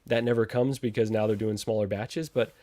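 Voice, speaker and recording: A man's voice: fairly low pitch, fairly even intonation, fairly quick, dark tone, dry recording. A man hosting a casual livestream chat, reading out viewer comments and trading sarcastic jabs with a laugh. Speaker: podcast host reading live chat.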